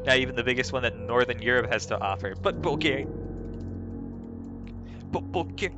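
A man's voice: mid-range voice, expressive, a little fast, pauses often. A man playing a text adventure game, reading the story aloud and laughing and swearing at it in casual commentary. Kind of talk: casual let's play commentary. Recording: clear background music.

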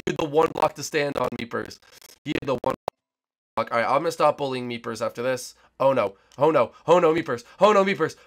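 Young man, gaming commentary, gravelly voice, teasing sportscaster play-by-play. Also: medium pitch, animated, a little fast, fairly bright tone. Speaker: gaming YouTuber. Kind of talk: excited gameplay commentary.

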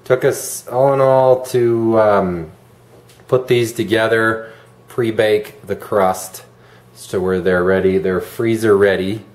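Hosting a casual cooking video, this man jokes around and pokes fun at himself in a lowish, slow, slightly mellow voice with fairly even intonation. The room is echoey, with a bit of background noise.

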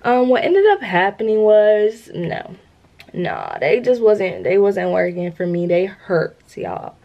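Casting: young adult woman, mid-pitched voice, chatty and rambling, talking straight to camera for a vlog. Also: very animated, takes it slowly, gravelly, warm tone, muffled recording. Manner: chatty, rambling, keeps addressing viewers as y'all. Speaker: vlogger. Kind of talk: casual vlog talk to camera.

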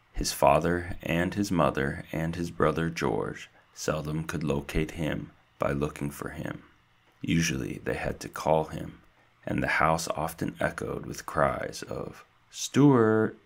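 A man reads a children's chapter book aloud in a steady storyteller's manner. His voice is extremely deep and full of gravel, and he takes his time over every sentence. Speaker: narrator.

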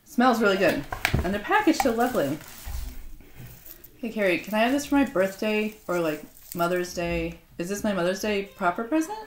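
A woman's voice: mid-range voice, normal speed. A woman unboxing a gift box at home, chatting casually with sarcastic, self-mocking banter. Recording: roomy echo, faint noise.

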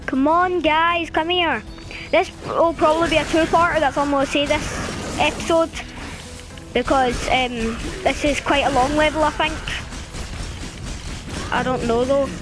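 High-voiced woman chatting over gameplay. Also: fairly even intonation, unhurried. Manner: chatty, chants repeated commands at the game. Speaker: gaming channel host. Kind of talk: casual gameplay commentary. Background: game music.

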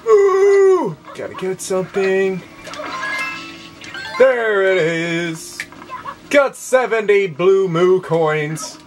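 Guy doing a lets play, keeps yelling moo and swearing, slow talker, game music going. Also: high voice. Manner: shouting moo on a dare, swearing, excitable. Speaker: let's play gamer. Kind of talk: gameplay commentary.

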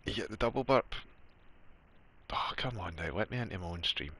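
A man's voice: deep voice, lively intonation, moderate pace, pushed and bright, husky. A man live-streaming a game, chatty and joking, laughing often as he talks to his viewers. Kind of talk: casual live-stream chat.

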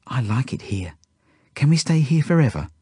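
A spirited little girl with a high, insistent voice that swings up and down with feeling, as a male reader puts her on. She sounds slightly husky and close to the mic in a dry space, like a storybook read aloud. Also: very animated, moderate pace, warm tone, no echo. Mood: hopeful. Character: bold, tender-hearted little girl.

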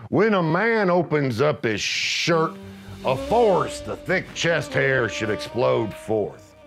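A middle-aged man narrating scripted comedy with gruff, deadpan macho pronouncements. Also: fairly high pitch, takes it slowly, over music.

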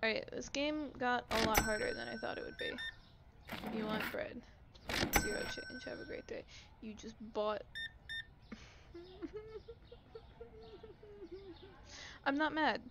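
A woman's voice: fairly high pitch, moderate pace, gravelly, very noisy. A young woman giving casual gameplay commentary, sarcastic and exasperated, griping at customers and dropping into mutters. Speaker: gaming YouTuber.

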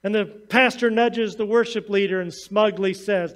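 High-voiced man preaching a sermon. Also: fairly even intonation, moderate pace. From United States. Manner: storytelling sermon, reads scripture then tells anecdotes. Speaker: pastor.

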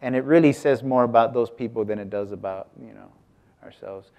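This American man has a mid-range voice and talks a little fast, captured in lo-fi sound. In his casual artist talk he's chatty, interrupts himself mid-sentence, and asks the audience questions.

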